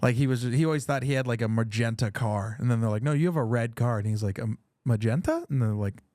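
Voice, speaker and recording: A man hosting a podcast, telling stories in a relaxed way and laughing often. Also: medium pitch, fast talker, no room sound, studio quality. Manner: laid-back storyteller, laughs often. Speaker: podcast host. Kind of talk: casual chat.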